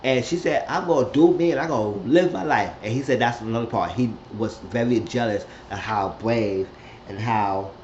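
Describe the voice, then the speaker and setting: A man recapping a TV episode in a loose, rambling way, jumping into characters' lines with a raised, lively voice. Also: moderate pace, muffled recording, slight background noise. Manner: rambling, acts out quotes with raised pitch. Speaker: recap host.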